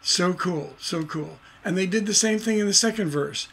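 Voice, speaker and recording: A middle-aged man leads a livestreamed songwriting lesson. His voice sits a touch high. He explains in a rambling way, full of "uh" and restarts, and he breaks into sung nonsense syllables to show rhythms. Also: normal speed, gravelly, fairly bright tone, husky. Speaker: songwriting instructor.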